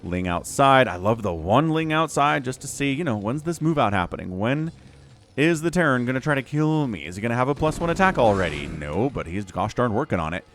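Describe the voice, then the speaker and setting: A man's voice: mid-range voice, big pitch swings, brisk, fairly bright tone, a little hiss or hum. A man giving casual solo commentary on a strategy game match, chatty and speaking to his viewers. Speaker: StarCraft shoutcaster.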